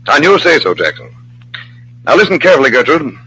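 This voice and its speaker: A man playing a calm, wise male magician, measured and coaxing, in 1940s radio acting style. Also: fairly high pitch, a little hiss or hum, rough recording.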